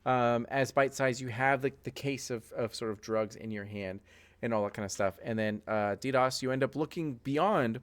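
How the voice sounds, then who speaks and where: A man's voice: medium pitch, moderate pace. A man narrating as game master of a tabletop game, loose and chatty with many fillers.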